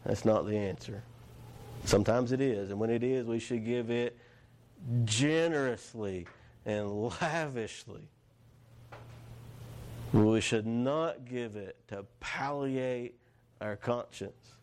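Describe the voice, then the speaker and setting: A man's voice: medium pitch, slow pace, pauses often, darkish tone. A man preaching a sermon in a conversational way. He restarts his phrases and asks his listeners questions. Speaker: pastor.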